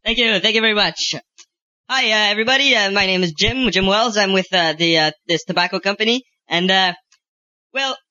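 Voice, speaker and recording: A man's voice: sits high, bright, forceful tone, no room sound. A man playing a hesitant, shameless tobacco spokesman at a mock press conference. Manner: hesitant, full of uh's. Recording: dull, dry, lo-fi sound.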